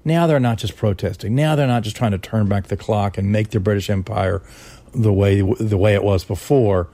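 A man's voice: lowish voice, moderate pace, mellow, dry recording. A man speaking as a historian in an interview, explaining in a conversational way with hesitations. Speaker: historian and author. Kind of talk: interview commentary.

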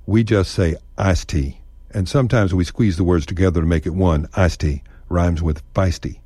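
Male storyteller, warm low voice, relaxed folksy wit. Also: slightly rough, no echo. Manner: folksy, wry and unhurried. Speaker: radio storyteller. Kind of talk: scripted radio commentary.

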